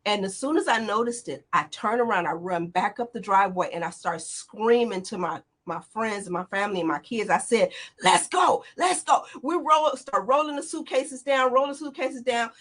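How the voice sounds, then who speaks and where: A woman in her forties, a guest in an interview, retelling a frightening escape in an animated, tumbling way, full of quoted dialogue. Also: mid-range voice, moderate pace, hardly any pauses. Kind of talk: emotional personal account.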